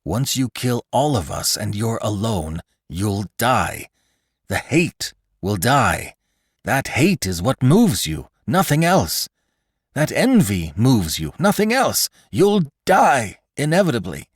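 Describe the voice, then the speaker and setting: Man putting on a logical, reasonable man, higher voice, lively, earnest. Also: slow pace, slightly rough, dry recording, clean studio sound, heavily acted. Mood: urgent. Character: calm, logical, reasonable man of a peaceful future.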